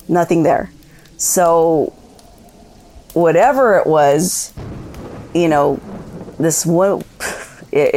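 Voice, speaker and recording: A woman calling in to share a ghost story, telling it in a rambling, halting way with many fillers. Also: low-pitched, gravelly, a little mellow. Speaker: caller sharing a ghost story. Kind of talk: casual spoken storytelling.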